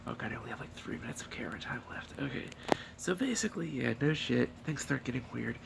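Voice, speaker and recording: A man's voice: mid-range voice, animated, fast, vocal fry, very noisy. A young man casually rambling through a movie review into his own camera, swearing often and full of fillers and restarts. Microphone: camera filming himself.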